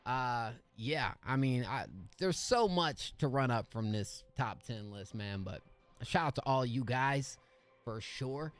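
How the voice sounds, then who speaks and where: A man's voice: medium pitch, slow pace, smooth. A man hosting a music feedback livestream, greeting chat in upbeat, slangy casual talk. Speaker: music review livestream host.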